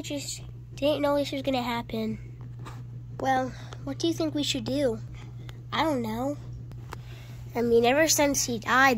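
A woman voices every character in a homemade toy skit. Her voice sits high, and she draws her words out slowly, dropping now and then into hushed asides. A faint noise runs underneath. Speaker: creator of short toy skits.

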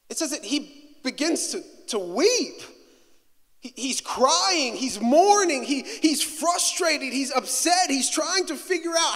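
A male pastor preaching a sermon in a church. He moves between hushed, slow reflection and loud, rising preaching, and he often repeats words and restarts phrases. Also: extremely high pitch, animated. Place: church sanctuary. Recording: long hall reverb.

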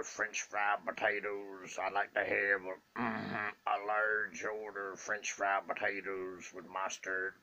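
Man impersonating a slow gentle Southern movie character, gravelly creaky voice, bright tone, very slow, grunting mm-hmms, dull lo-fi sound. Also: lowish voice, heavily acted. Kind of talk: celebrity movie impression. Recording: dull lo-fi recording.

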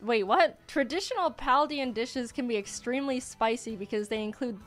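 A young woman in her twenties casually commenting while playing a video game, often jumping high when excited. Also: moderate pace. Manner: excitable, squeals high at cute creatures. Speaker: gaming YouTuber. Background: faint game music.

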